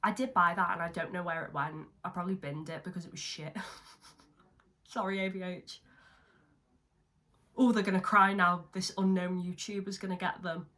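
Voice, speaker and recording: A woman's voice: fairly low pitch, steady tone, normal speed, pauses often, sharp tone. A young woman doing a makeup tutorial at home, chatting casually, mocking herself and swearing now and then. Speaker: makeup vlogger. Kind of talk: casual chat. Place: at home, seated.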